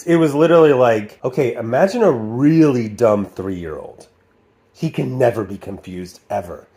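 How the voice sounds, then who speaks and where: A man's voice: mid-range voice, animated, normal speed, mellow. A man in his forties from the Midwestern United States giving casual video commentary, sarcastic and prone to mocking, exaggerated voices when he quotes. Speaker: video reviewer.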